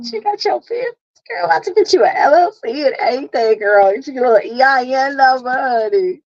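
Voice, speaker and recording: A woman hosting a casual livestream, lively and chatty, laughing often and calling listeners honey and girl. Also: sits high, fairly quick, dry recording. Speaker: livestream host and marketing coach. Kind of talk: casual live chat. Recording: dull lo-fi, dry sound.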